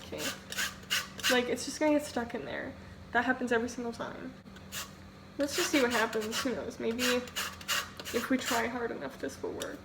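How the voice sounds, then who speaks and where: A woman's voice: fairly high pitch, normal speed, gravelly, pauses often. Chatty young woman with background noise. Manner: chatty, rambling, self-deprecating, many "like"s. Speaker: cooking vlogger. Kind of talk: casual cooking vlog chat. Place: home kitchen. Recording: home video with steady background noise.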